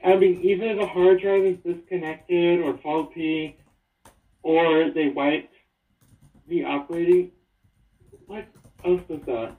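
A man's voice: on the high side, fairly even intonation, slow, long pauses. Man on a tinny distant phone line. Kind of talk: casual chat.

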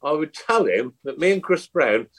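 A man in a casual chat, lively and jokey. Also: a little high, moderate pace.

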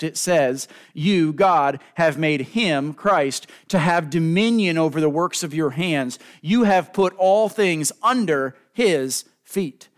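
A man preaching a sermon, building to emphatic lines and drawing out key words slowly, speaking directly to the congregation. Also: fairly high pitch. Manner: preaching with rising emphasis and slow drawn-out stresses; addresses the congregation directly as folks. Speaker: pastor.

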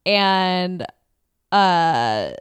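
A giggly woman co-hosting a casual podcast, her pitch leaping up and down as she chats. Her voice sounds close and dry, with no room echo. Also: expressive, extremely slow, smooth. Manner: giggly, chatty, lots of "like" fillers. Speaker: podcast co-host. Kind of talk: casual chat recapping a reality dating show.

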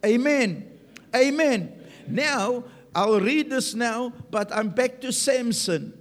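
A man's voice: very high-pitched, slow pace. A man preaching a sermon with emphasis, punctuating his points with "Amen". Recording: long reverb of a large hall.

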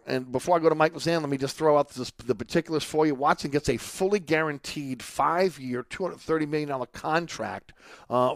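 A man's voice: on the high side, no room sound, clean studio sound. A man hosting a sports radio talk show and reading live ads, rambling and leaning on "uh" and "again". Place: radio studio. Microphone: studio microphone.

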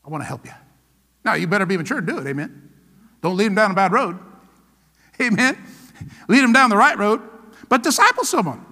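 A man's voice: high voice, big pitch swings, a little fast, long pauses, bright, forceful tone, long reverb tail. A pastor preaching a sermon, emphatic and calling out to his congregation for answers. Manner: emphatic call-and-response preaching.

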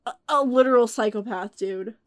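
A young woman casually telling a story in animated, profane bursts, acting out the voices she quotes. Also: on the high side, moderate pace, no room sound, studio quality. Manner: animated, swearing, acts out quotes. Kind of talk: casual chat.

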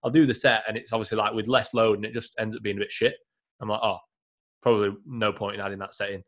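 A man's voice: fairly low pitch, little pitch movement, fast talker, a bit bright. A man hosting a casual podcast, rambling with hesitant restarts and casual swearing. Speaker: podcast host.

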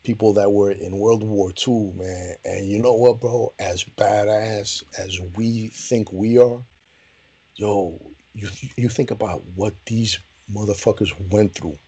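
Low, warm, husky veteran man. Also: fairly even intonation, takes it slowly. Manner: profane, emphatic, says bro a lot. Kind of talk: casual chat.

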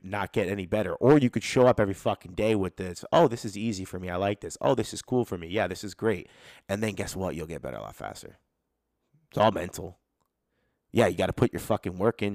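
Clean studio sound with no room sound captures a lowish male voice as the host of a solo podcast riffs casually. He curses freely, stays animated, and acts out what people are thinking inside their heads.

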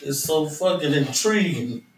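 A man's voice: on the high side, animated, unhurried, distant mic. A man co-hosting a podcast in casual chat, blunt and dismissive. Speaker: podcast co-host. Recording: echoey room, off-mic, noticeable hiss.

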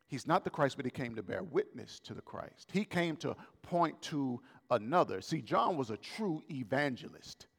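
A man preaching a sermon as pastor, emphatic and animated, repeating his points for effect. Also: fairly high pitch, moderate pace, gravelly, hardly any pauses, in a large hall.

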